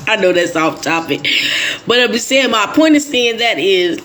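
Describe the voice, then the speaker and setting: A woman's voice: mid-range voice, takes it slowly, long pauses. Woman vlogger just talking to the camera, rambly and fired up, repeats stuff for emphasis, medium voice. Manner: rambling and animated, with emphatic repetition. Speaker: vlogger, channel host. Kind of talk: casual chat to camera.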